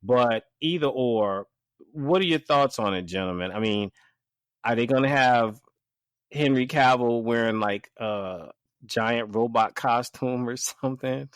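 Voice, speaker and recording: A man's voice: medium pitch, a little slow, smooth, no echo. A man hosting a casual podcast, talking in a rambling, hesitant way on a close mic. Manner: rambling, hesitant, restarts and trails off. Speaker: podcast host.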